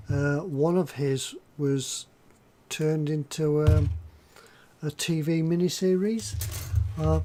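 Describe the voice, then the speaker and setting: With a fairly high but dark-toned voice and a bit of noise behind him, an older live-stream host reads out comments from viewers. He wanders through the chat casually, hesitating, umming, and starting over often.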